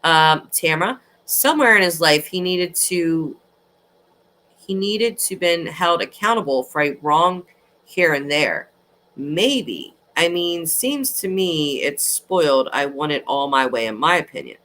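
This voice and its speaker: A woman hosts a true crime livestream in a loose, chatty way. She rambles and restarts often, and her voice sounds bright and clear. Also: low-pitched, a little slow. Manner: rambling, animated, with frequent restarts. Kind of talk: casual chat.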